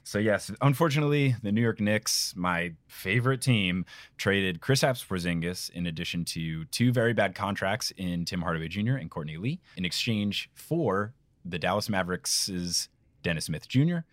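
A man's voice: sits low, animated, moderate pace, no echo. A young man co-hosting a casual podcast, talking animatedly and ranting about his favorite team. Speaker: podcast co-host.

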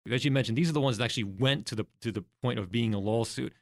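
A man's voice: mid-range voice, racing, vocal fry, no room sound. Man explaining in a dry podcast studio. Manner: explanatory, walks through examples step by step. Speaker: guest researcher. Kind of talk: podcast interview.

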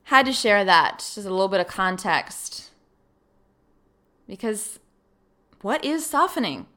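A woman hosting a solo podcast, telling a personal story in a casual, animated way and acting out her own thoughts. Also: mid-range voice, measured pace. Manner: animated, acts out her own past thoughts, laughs easily. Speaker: podcast host.

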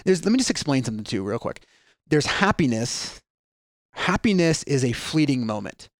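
A man's voice: medium pitch, sing-song, normal speed, no room sound, studio quality. A man explaining ideas earnestly in a podcast conversation, with frequent restarts and fillers.

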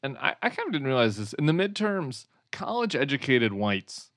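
A man co-hosting a podcast in casual political chat, relaxed and conversational, thinking aloud. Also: medium pitch, moderate pace, no echo, studio quality. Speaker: podcast co-host.

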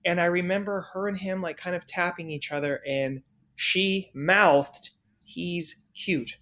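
A man's voice: high-pitched, steady tone, normal speed, sharp tone. A man guest on a podcast, telling a story in a loose, casual way with lots of swearing and fillers. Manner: loose and profane, with many fillers. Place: podcast studio.

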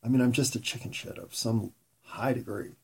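A man talking through a candid, reflective monologue, rambling with pauses and frequent swearing, self-mocking. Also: mid-range voice, steady tone, husky.

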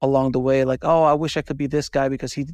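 A man's voice: medium pitch, level tone, quick pace, darkish tone, dry recording. A man talking in a podcast interview, telling stories animatedly and acting out quoted voices. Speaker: podcast host and filmmaker, guest. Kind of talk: casual interview talk.

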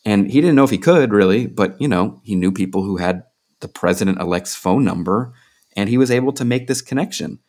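A man's voice: fairly low pitch, a little fast, a little mellow. A man being interviewed as a journalist and author, telling anecdotes in a loose conversational way with frequent fillers.

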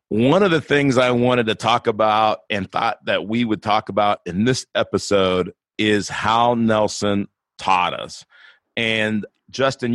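A man hosting a podcast, talking in a friendly, rambling way with quick asides. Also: fairly low pitch, fairly bright tone, no room sound. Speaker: podcast host. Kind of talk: casual podcast chat.

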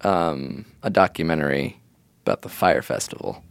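A man's voice: rumbling low, animated, normal speed, gravelly, clean tone, no echo. A man co-hosting a podcast, chatting casually and joking in a rambling way, laughing often. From Miami. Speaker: podcast co-host. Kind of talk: comedic casual chat.

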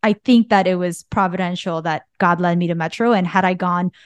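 A woman's voice: fairly low pitch, fairly even intonation, a little fast, clear, resonant tone, dry recording. Laughing woman podcast co-host. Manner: warm-hearted, laughs often. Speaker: podcast co-host, church staff. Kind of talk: casual chat.

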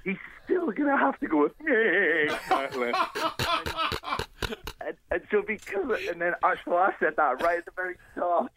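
A man telling stories in a casual radio chat, animated and full of restarts. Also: high voice, a little fast, few pauses, low-quality recording. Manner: animated storyteller, many restarts. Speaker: guest contestant.

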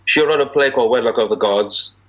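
A middle-aged actor, telling stories as a podcast guest in casual chat and slipping into pidgin. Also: male voice, medium pitch, fast talker, dull audio. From Nigeria. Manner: animated storyteller, slips into pidgin, chuckles often. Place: at home abroad, remote call.

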